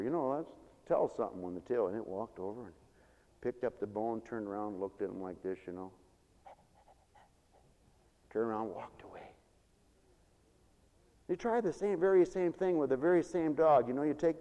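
A man preaching a sermon with animated, folksy storytelling. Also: on the low side, big-room sound.

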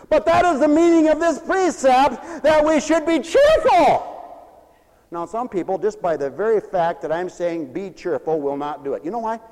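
A pastor preaches with playful energy, repeating lines and calling for an amen from his congregation. His voice is unusually high for a man and swoops up and down constantly. The sound rings with the long reverb of a big church. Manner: animated, playful, repetitive preaching with call-and-response. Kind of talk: sermon.

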